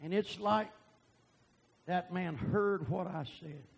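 A man preaching a sermon and telling a testimony, animated and bursting into loud emphasis. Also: high voice, takes it slowly, creaky, husky, rough recording.

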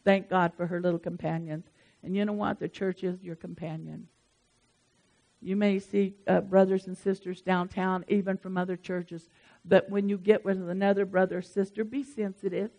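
A pastor delivers a sermon. The delivery is lively and emphatic, and the preacher turns often to address the congregation directly and warmly by name. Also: medium pitch, normal speed.

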